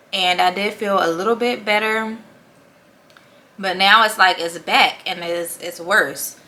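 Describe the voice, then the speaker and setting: A young woman talks through a casual vlog update, her voice bright and forward, a little short of breath. She laughs easily between thoughts, and a faint hum of room noise sits behind her. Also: lowish voice. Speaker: vlogger.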